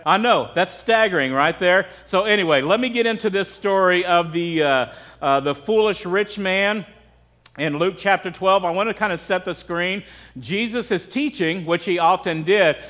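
American male pastor, high pitch, casual preaching, keeps asking the room "right?". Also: normal speed, a bit bright. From United States. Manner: conversational, asks the crowd "right?" often. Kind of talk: sermon.

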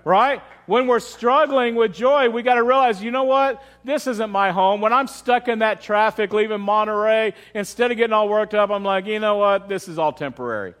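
High-voiced man preaching a sermon. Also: fairly even intonation, moderate pace, hardly any pauses, a bit bright. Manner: conversational, questions the audience often; repeats words as he starts sentences. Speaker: pastor. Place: church service.

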